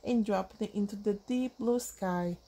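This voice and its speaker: A woman reading a children's storybook aloud in a gentle, expressive way. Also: mid-range voice, unhurried, low-quality recording. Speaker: storybook reader. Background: background music.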